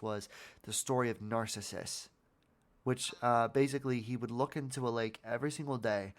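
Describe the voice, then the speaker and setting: A man hosting a podcast, talking in a casual, earnest way about motivation, often repeating words as he goes and swearing now and then. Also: medium pitch. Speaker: podcast host.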